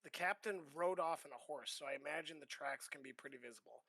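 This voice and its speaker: A man's voice: on the high side, fast talker, pushed and bright, pitched below the performer's own voice, rough recording. A man voicing a practical male adventurer who urges the group to move on. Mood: impatient.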